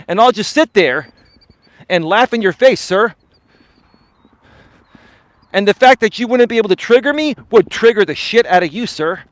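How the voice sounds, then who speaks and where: A man's voice: sits high, expressive, moderate pace, long pauses, dry recording. A male dating and life coach ranting on a live stream, confrontational and repeatedly calling his opponent bro and sir.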